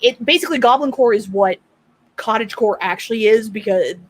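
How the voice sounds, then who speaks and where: A woman's voice: a little high, a little fast. A woman on a discussion stream, casually explaining a trend with lots of "like" and "um" fillers. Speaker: panel guest. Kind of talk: casual chat.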